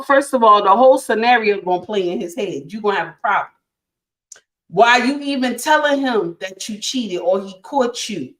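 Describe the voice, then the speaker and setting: A woman with a slightly high voice talks about relationships to her live chat from an echoey room. She hosts the livestream casually, speaking emphatically and repeating herself, and calls her listeners "honey" and "my dear."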